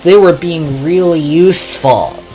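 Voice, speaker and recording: A woman telling a toy train story in an improvised way, with a slow, sing-song delivery. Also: low voice, warm tone, soft background music.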